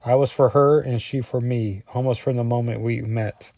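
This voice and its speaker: A man voicing a stoic male Russian superhero, reading his lines slowly and deliberately in a put-on Russian accent. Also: medium pitch, fairly even intonation, dark tone, no room sound, natural voice. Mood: solemn.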